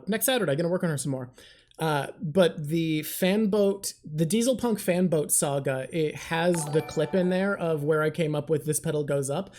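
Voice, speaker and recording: A woman hosting a live stream in casual chat, excitable, swearing, and talking in rushed bursts while thanking viewers. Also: low voice. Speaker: livestream host.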